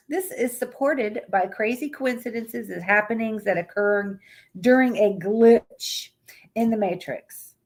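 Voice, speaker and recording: A woman at a mid pitch hosts a casual live stream. She chats loosely, greets viewers as they come in, and trips over words while reading topics aloud.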